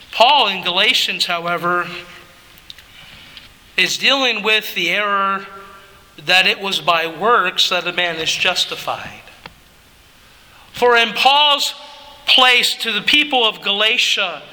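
A male pastor delivers a sermon with a high, sharp, bright voice. He preaches slowly and emphatically, swelling to shouts and then sinking low. The church sanctuary gives the recording a long, ringing reverb.

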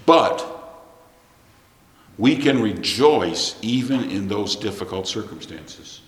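A man's voice: lowish voice, animated, slow. A middle-aged man preaching a sermon, telling a plain-spoken, folksy story. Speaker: pastor. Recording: echoey hall, long reverb.

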